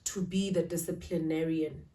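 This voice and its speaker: Talking to camera about family life, a woman vlogger speaks in a confiding, emotional way, often asking "right?" in casual talk. Her voice is low, mellow and fairly even in intonation at normal speed, recorded roomy and slightly distant.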